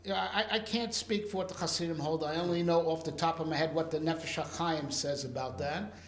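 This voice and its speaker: A man's voice: fairly high pitch, steady tone, brisk, reverberant. A man, a rabbi, teaching a Torah class and explaining with rhetorical questions and lots of fillers.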